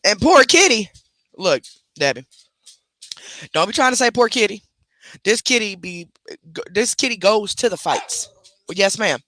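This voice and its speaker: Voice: mid-range voice, lively intonation, a little slow, long pauses, fairly bright tone, no room sound. A speaker chatting casually on a live stream, rambling and talking to their pets along the way.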